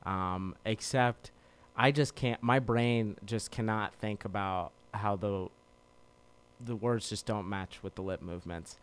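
A man co-hosting a podcast in casual chat, giving easygoing, measured opinions. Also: lowish voice, clear, resonant tone. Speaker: podcast co-host.

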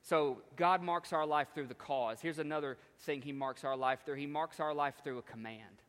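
A man's voice: on the high side, normal speed, a bit bright. A man preaching a sermon as pastor, emphatic, with repetitions and call-outs to the congregation. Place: church sanctuary. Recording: long hall reverb.

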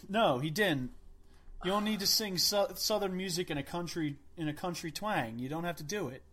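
A man's voice: high-pitched, moderate pace, a bit bright. A man co-hosting a casual podcast, joking in a dry, sarcastic way. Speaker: podcast co-host.

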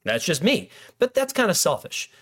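A man's voice: high-pitched, huge pitch swings, moderate pace, breathy edge. A middle-aged male pastor preaching a casual sermon, joking and acting out little dialogues between people. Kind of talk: conversational sermon.

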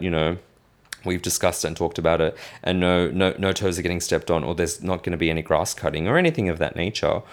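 A man in his thirties venting in a casual vlog rant, indignant and swearing freely. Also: sits low. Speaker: vlogger.

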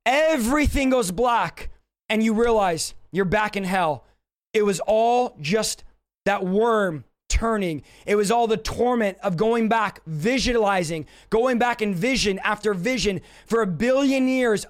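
A male preacher with a very high voice, delivering a sermon with urgent intensity. He tells vivid stories and acts out desperate pleas along the way. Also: moderate pace.

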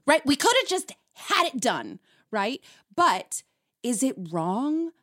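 Animated woman telling a story. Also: sits high, takes it slowly, no room sound, studio quality. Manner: animated storyteller acting out both sides of arguments. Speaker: podcast co-host. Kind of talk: casual chat about relationships.

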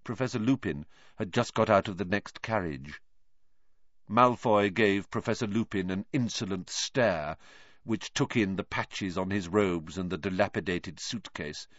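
A man narrating a storybook reading in an expressive, animated way. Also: low voice, a little slow, no echo. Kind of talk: audiobook reading. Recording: dry, dull lo-fi.

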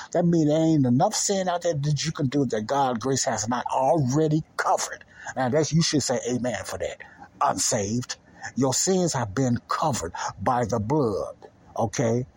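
A man's voice: mid-range voice, darkish tone, husky, dry recording. A man preaching informally on a podcast, emphatic and repetitive, talking straight to his listeners in loose, colloquial speech.

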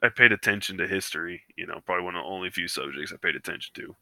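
A man's voice: low voice, racing, creaky, bright, forceful tone, no echo. A man co-hosting a casual podcast, rambling through stories with lots of fillers and acting out what people said. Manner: rambling storyteller with many fillers, acts out quotes. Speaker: podcast co-host. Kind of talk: casual chat. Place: living room couch.

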